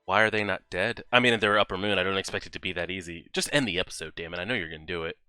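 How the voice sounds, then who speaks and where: A man hosting an anime reaction video, talking casually and excitably, swearing and talking back at the screen. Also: low-pitched, rapid-fire, smooth, no room sound, clean studio sound, faint music behind.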